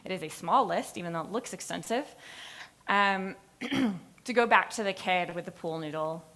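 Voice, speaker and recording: A young adult woman giving a live capstone presentation, telling a story with lively, acted-out voices. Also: medium pitch, moderate pace. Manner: expressive storytelling, acts out voices in anecdotes. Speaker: graduate student presenter. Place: presentation hall.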